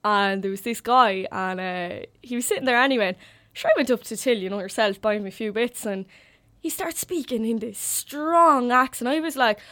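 A woman's voice: a little high, normal speed. Chatty young Irish woman from Carlow. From Carlow, Ireland. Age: young adult. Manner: chatty storyteller, animated quoting. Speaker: student radio host. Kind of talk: casual chat.

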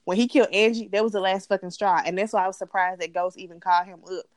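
This woman co-hosts a laid-back TV recap chat, cursing bluntly and ranting with energy about the show. Her mid-range voice moves fast, and the studio sound is clean and dry.

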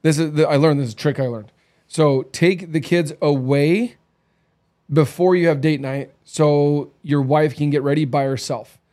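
A man's voice: a little high, fairly even intonation, normal speed, dark tone. A man in his thirties co-hosting a casual chat, telling candid stories with lots of acted quotes. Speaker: podcast co-host.

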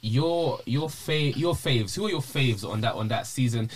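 A man's voice: mid-range voice, expressive, normal speed, a little hiss or hum. A man hosting a podcast in casual chat, restarting his sentences as he searches for words. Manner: chatty, repeats words while searching for phrasing. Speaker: podcast host.

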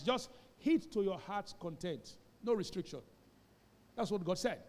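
Pastor preaching, high pitched, calls the crowd to repeat lines, echoey church. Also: male voice, animated, unhurried, a little mellow. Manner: emphatic, calls for congregation responses. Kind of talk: sermon. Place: church hall. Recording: reverberant church hall.

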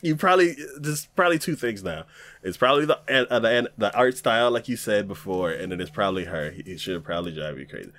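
A man co-hosting a casual chat, retelling an episode with frequent laughter and quick acted-out lines. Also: on the low side. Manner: animated retelling, laughs often, acts out scenes in quick voices. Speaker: podcast co-host reviewing anime.

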